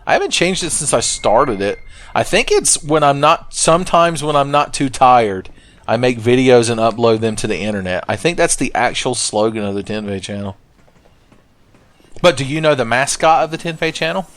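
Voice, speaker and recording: A man rambles through a casual let's play, joking and swearing as he goes. His delivery is lively, with pitch that swings widely. The voice sits at an ordinary middle pitch for a man. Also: normal speed, no room sound. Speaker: gaming channel host.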